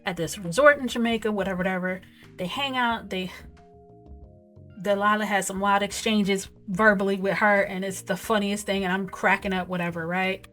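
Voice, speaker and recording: A woman hosting a casual movie review, talking in an animated, emphatic way with lots of asides. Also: mid-range voice. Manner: animated, emphatic, repeats "okay?" and "whatever". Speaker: film reviewer, host.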